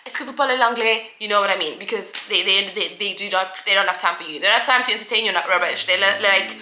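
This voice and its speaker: A young woman ranting casually to camera in a vlog, exasperated and animated, stumbling over restarts and repeated words. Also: mid-range voice, fast, a little hiss or hum. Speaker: vlogger. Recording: roomy echo.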